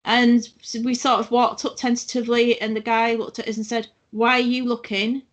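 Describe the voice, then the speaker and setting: A woman of around sixty from England, hosting an interview conversation in a measured, reflective way. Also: on the high side, level tone.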